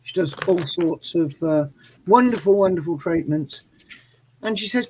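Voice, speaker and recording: Husky, wry storyteller. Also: medium pitch, lively intonation, unhurried, darkish tone, poor audio. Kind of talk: casual chat.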